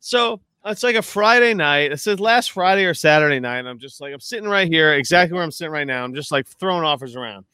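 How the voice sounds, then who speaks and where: A man chatting casually as a podcast host, telling a story in an excitable, profane way and often trailing off mid-sentence. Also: on the high side, fast, hardly any pauses, clean tone, dry recording. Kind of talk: casual chat. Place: at home.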